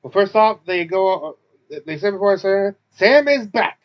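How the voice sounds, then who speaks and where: A man's voice: high-pitched, expressive, moderate pace. A man hosting a casual spoken recap, hesitant and full of fillers and restarts. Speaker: recap video host. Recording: dull lo-fi recording.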